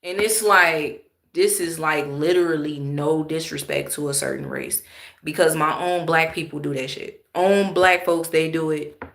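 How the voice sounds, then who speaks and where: A woman's voice: sits low, animated, measured pace, a bit bright, reverberant. A woman talking bluntly and emphatically in casual slang while commenting on a livestream and answering chat.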